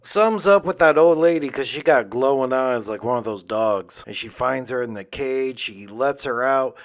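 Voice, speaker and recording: A man's voice: medium pitch, normal speed. Laid-back guy with a crude, sarcastic edge; casual comedic recap. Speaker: movie recap host.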